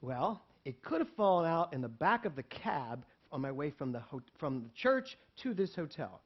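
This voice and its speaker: A male pastor giving a sermon, telling a personal story in an animated way and acting out the people in it, with laughs between lines. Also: a little high, normal speed, slightly rough. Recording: dull lo-fi recording.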